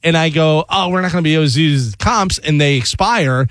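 A man hosting a morning radio show, telling stories with lively acted-out quotes in casual banter at a studio mic. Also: on the high side, fairly quick, dry recording. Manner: animated storyteller, acts out quoted lines. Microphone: studio microphone.

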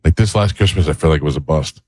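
A middle-aged man with a very deep voice talks in a relaxed, chatty way as a morning radio host. His voice sounds dry and close to the studio mic. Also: fast talker, husky, no room sound. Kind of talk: casual morning radio chat.

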